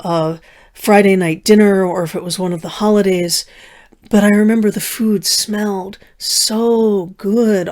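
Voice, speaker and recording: A middle-aged woman storyteller telling a personal story, slowing down with dramatic pauses and dropping to soft, hushed asides. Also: medium pitch. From United States. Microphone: video recording.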